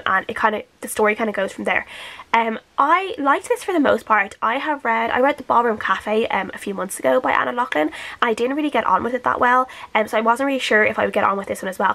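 Woman, casual book review, chatty, rambling, lots of fillers, mid pitch. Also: vocal fry, pushed and bright. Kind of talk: casual weekly book wrap-up.

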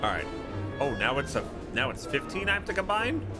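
Man, gaming streamer, lively animated talk, game music underneath. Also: medium pitch, brisk. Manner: chatty, reads game text aloud. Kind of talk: let's play commentary.

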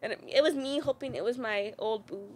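A young woman with a slightly high voice tells a story over casual podcast chat. She leans on "like" constantly and swears freely. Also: fairly quick, very noisy. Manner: storytelling, heavy use of "like", swearing. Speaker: podcast guest.

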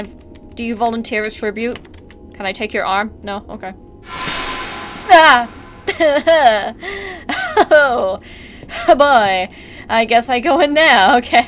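A woman's voice: a little high, fairly bright tone, slight background noise. A woman commenting on a horror game as she plays, chatty and sarcastic, talking back to the mannequins and jumping at scares. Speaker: gameplay streamer.

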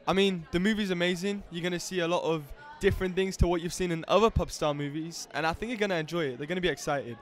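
Fast, hyper man talking. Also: high voice. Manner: loud, energetic, hyper. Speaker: voice actor interviewed as a guest. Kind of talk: casual interview chat.

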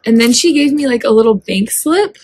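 A young woman with a Southern US accent, talking in a casual home vlog. She gushes and gets excitable, with lots of fillers. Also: on the high side, husky, soft background music. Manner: gushing and excitable, fast filler-heavy talk. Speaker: vlogger. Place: home indoors. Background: lawn equipment outside.

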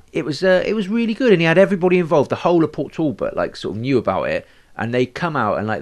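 A man co-hosting a podcast, telling a rambling story in casual chat. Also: mid-range voice. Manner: rambling, hesitant, lots of fillers and restarts. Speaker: podcast co-host.

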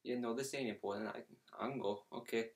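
A man's voice: mid-range voice, steady tone, fast talker, natural voice. A man voicing a brash, rich male football fan with a put-on New York accent, boasting and brushing people off during a comedy phone-call skit. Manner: boastful, dismissive, rambling with fillers.

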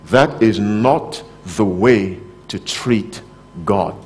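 A male pastor delivering a sermon to a conference audience in a hall. He speaks directly and firmly, stopping to put questions to the crowd. He moves from loud, emphatic phrases to quiet, low asides. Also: drawn-out words, husky.

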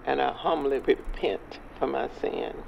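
A man's voice: mid-range voice, a little slow, vocal fry, over a noisy crowd. A man playing an earnest street preacher in a music video skit, solemnly leading a young man through a prayer, recorded on a dull lo-fi track outdoors with faint noise.

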